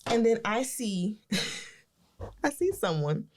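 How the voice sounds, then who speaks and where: A woman's voice: medium pitch, big pitch swings, slow pace, a little hiss or hum. A woman podcast co-host telling a story in casual chat. She swears freely and acts out voices in her stories.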